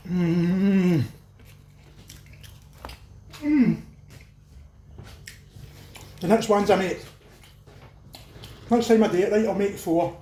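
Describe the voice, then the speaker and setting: A man's voice: high-pitched, fairly even intonation, moderate pace, pauses often, warm tone, echoey room. Chatty Scottish man tasting his cooking. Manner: chatty, addresses viewers as folks, eats while talking. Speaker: cooking channel host. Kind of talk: casual cooking vlog, tasting food.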